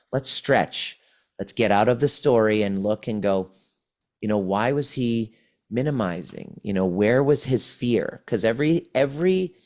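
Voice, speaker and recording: A man with a fairly low voice speaks as a guest on a podcast. He retells a healing session with animated energy and voices both sides of the exchange. His delivery is conversational and earnest. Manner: animated, acts out the client's replies. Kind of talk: conversational storytelling.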